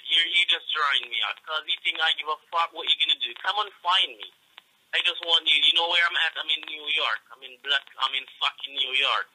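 A man's voice: a little high, pushed and bright. A man with a Jamaican accent on a phone call, swearing and making threats in a ranting manner. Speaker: phone scammer.

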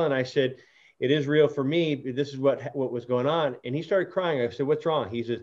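A man's voice: mid-range voice, normal speed, darkish tone, lo-fi sound. A man hosting an interview, telling a long personal story in a casual, earnest way with frequent restarts and fillers. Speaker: podcast host.

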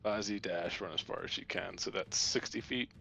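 A man with a very bright, forceful voice plays a tabletop game, chiming in quickly on turns and rules. His pitch sits a little low. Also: vocal fry, soft background music. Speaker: player. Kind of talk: casual tabletop game play.

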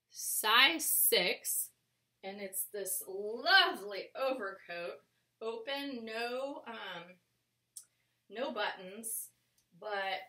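Bright-voiced woman chatting in an echoey room. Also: medium pitch. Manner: chatty and rambling, with many fillers. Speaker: clothing reseller showing a thrift haul. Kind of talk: casual vlog chat. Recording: echoey room, mic at a distance.

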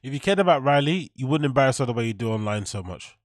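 A man's voice: medium pitch, lively intonation, fast talker, dry recording, studio quality. A man hosting a reaction show, mocking and bluntly scolding what he watches. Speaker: host. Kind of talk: reaction commentary.

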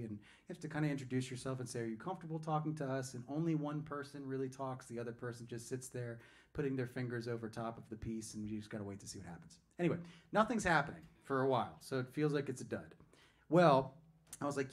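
Male singer-songwriter, chatty and digressive, live stage banter. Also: medium pitch. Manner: chatty and digressive, self-interrupting, joking. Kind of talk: rambling storytelling between songs. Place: music venue stage.

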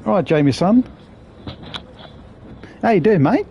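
A gaming streamer plays a bus simulator live, swearing and joking with his chat as he goes. His voice is high, gravelly and expressive, and he speaks at an unhurried pace. The recording is muffled, with a little hiss or hum.

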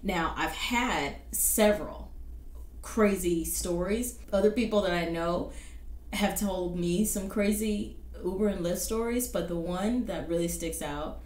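A woman's voice: on the low side, a little slow, a little mellow, echoey room. A woman hosting a reaction video, chatting casually to camera, exclaiming often and laughing a lot. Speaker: reaction channel host.

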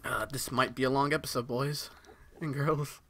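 A man with a medium-pitched voice gives excitable live commentary on the game he's playing, talking to himself at normal speed. He swears and reacts loudly as the action unfolds.

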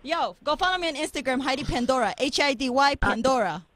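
A woman's voice: high-pitched, expressive, fast, a crowd in the background. A woman as a radio show guest, brash and playful in casual studio banter.

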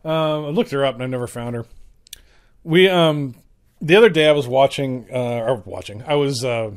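A man's voice: medium pitch, moderate pace. A man hosting a podcast, telling a story in a rambling, profane, laid-back way. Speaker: podcast host. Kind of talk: casual storytelling.

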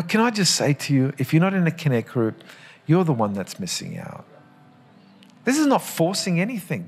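A man preaching a live sermon in church as pastor, speaking passionately and rising to emphatic high peaks. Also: husky.

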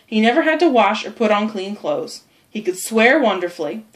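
A woman narrating a storybook chapter in a clear, measured, expressive reading. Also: medium pitch. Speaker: audiobook narrator.

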